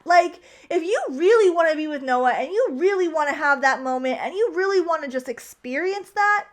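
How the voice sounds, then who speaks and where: A woman's voice: very high voice, lively intonation, moderate pace, few pauses. A young woman recapping a movie in a casual, chatty way, opinionated and full of "like". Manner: chatty, heavy use of "like", opinionated. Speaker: vlogger.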